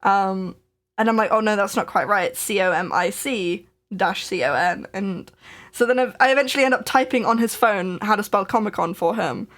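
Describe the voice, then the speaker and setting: A woman's voice: mid-range voice, normal speed, a bit bright. A young woman hosting a crafting live stream, telling a rambling story in casual chat with many restarts and giggles.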